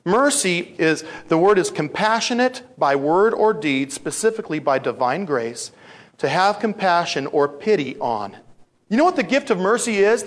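A male pastor delivering a sermon with a somewhat high voice. He tells stories in an animated way, slips into acted-out voices and repeats key lines to drive them home. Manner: animated storytelling, acts out voices, repeats phrases for emphasis.

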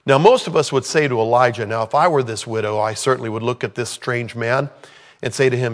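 A man's voice: mid-range voice, brisk, long reverb tail. A man preaching a sermon in a conversational way, with playful acted-out asides. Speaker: pastor.

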